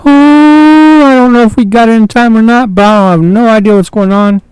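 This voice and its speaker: A man's voice: sits high, little pitch movement, quick pace, clear, resonant tone, soft background music, rough recording. A man streaming a flight game, grumbling and cursing in frustration as he plays. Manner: frustrated, profane, grumbling to himself. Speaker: gaming streamer. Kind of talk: casual gameplay commentary.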